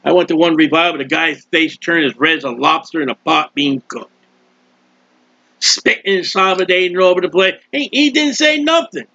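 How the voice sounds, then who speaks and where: A man's voice: fairly high pitch, lively intonation, moderate pace, vocal fry, bright, forceful tone, no echo. A male preacher giving an impassioned sermon and acting out prayers, in a dull lo-fi recording. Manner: impassioned, acts out prayers and quotes.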